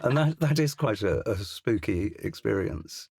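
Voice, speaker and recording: A man's voice: fairly low pitch, very animated, measured pace, creaky, a little mellow, slightly rough, dry recording. An older English man, a crime novelist, chatting as a studio guest with a hesitant, self-deprecating manner full of restarts and asides. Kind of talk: casual interview chat. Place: recording studio.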